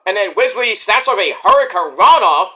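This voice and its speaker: A man recaps a wrestling show in a loose, profane vlog style, wandering off on tangents along the way. His voice sits high and bright, and it bounces up and down with plenty of energy. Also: expressive, moderate pace. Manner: rambling, profane and digressive. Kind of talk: casual review vlog.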